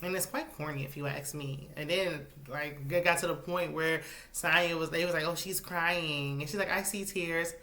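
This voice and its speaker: A sassy woman with a lowish, bright, forceful voice chats through her reality TV recap. She drops into asides and shoots up into high exclamations when something annoys her. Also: a little fast, few pauses. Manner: sassy, animated commentary with sudden high-pitched exclamations. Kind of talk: casual chat.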